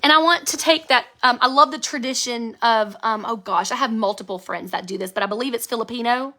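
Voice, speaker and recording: A woman's voice: on the high side, fairly quick, pushed and bright. An American woman in her thirties, an author chatting casually on a phone live stream, giggly and reading out viewer comments, her voice strained from an old vocal injury. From United States. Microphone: phone live video.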